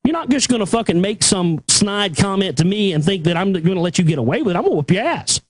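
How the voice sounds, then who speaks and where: A male talk show host delivering an angry, profane rant that keeps building toward shouting. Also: sits high, animated, fast talker, dry recording. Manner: aggressive, profane, escalating to shouting.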